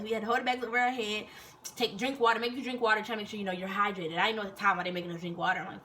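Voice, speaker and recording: A young woman telling a personal story in a casual, animated way, full of slang and swearing. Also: medium pitch, racing, a little hiss or hum.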